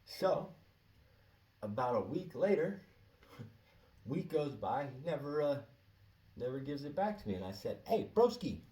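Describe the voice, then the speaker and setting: A man's voice: mid-range voice, animated, a little slow, long pauses, mellow, far from the mic. A man telling stories in a laid-back, slangy way and laughing often. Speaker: storyteller. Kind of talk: casual storytelling monologue. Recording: echoey room, off-mic, faint ambience.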